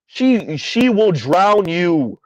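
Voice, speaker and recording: A man's voice: high voice, sing-song, extremely slow, a little mellow, no echo. Emphatic man streaming commentary, dull audio. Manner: emphatic and preachy, repeats lines for effect. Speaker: livestream commentary host. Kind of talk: live-streamed opinion commentary reading viewer comments.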